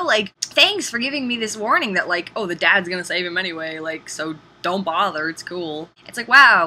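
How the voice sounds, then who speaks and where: A woman casually reviewing a video game in an animated, chatty way, sometimes swearing. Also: fairly high pitch, husky, low-quality recording.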